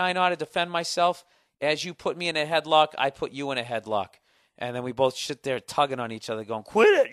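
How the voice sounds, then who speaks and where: A man's voice: medium pitch, fairly bright tone, clean tone, no echo, clean studio sound. A man hosting a casual solo podcast, ranting with constant swearing and reading listener letters aloud. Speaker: podcast host.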